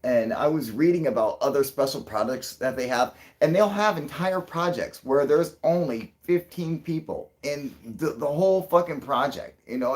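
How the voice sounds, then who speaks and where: A man hosting a casual livestream, rambling and thinking out loud with lots of fillers, frequent swearing and chuckles. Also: medium pitch. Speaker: channel host.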